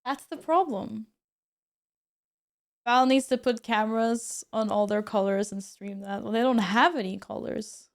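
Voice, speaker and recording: A young woman chats on her stream in a relaxed, casual way, her voice a touch higher than most. She laughs often and breaks into quick exclamations as she talks with her viewers. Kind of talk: casual chat, reading chat and commenting on her cats.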